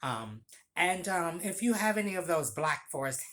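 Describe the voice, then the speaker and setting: A narrator putting on a theatrical, flamboyant man in his fifties with sing-song, drawn-out greetings. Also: medium pitch, big pitch swings, a bit bright, voice pushed up. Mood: gushing. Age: 50s.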